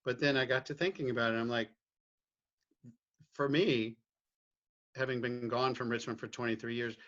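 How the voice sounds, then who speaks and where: A man's voice: medium pitch, steady tone, normal speed, a bit bright, muffled recording. A middle-aged man from Virginia, a podcast guest speaking candidly and reflectively about his family and his views, often restarting his phrases and checking in with "right?". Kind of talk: candid personal conversation.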